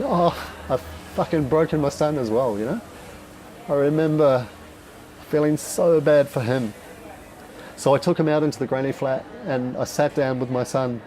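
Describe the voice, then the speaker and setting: A man's voice: on the high side, dark tone, low-quality recording. Candid Australian man telling his story. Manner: candid and raw, swears often, halting with fillers. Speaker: speaker at a dinner talk. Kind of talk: personal storytelling talk.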